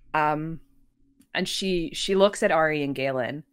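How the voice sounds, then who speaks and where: A woman's voice: low voice, unhurried, clear, resonant tone. A woman playing a tabletop game, narrating her character's actions in a hesitant, casual way full of ums. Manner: hesitant, with frequent ums and kinda. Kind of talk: casual role-play narration.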